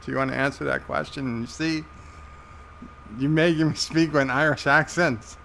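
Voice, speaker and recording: An American man hosting a casual live stream, reading chat messages aloud in an amused, halting way. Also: on the high side, fairly even intonation, gravelly, a bit bright, a little hiss or hum. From United States. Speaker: livestream host reading chat.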